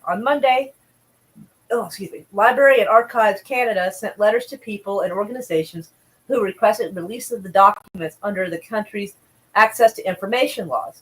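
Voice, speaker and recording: A woman's voice: mid-range voice, poor audio. A woman streaming casual news commentary, blunt and profane, chatting with viewers between headlines.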